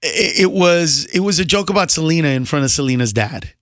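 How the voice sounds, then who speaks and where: A male stand-up comedian, a guest in a radio studio, telling stories in a lively way and slipping into voices. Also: on the high side, a little fast, dry recording. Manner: animated storyteller, slips into voices. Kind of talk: casual radio interview.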